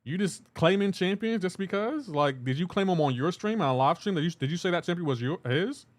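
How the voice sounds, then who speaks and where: A man's voice: sits high, animated, brisk. A man streaming a game live, chatting casually, reading and answering chat aloud in a joking, teasing way.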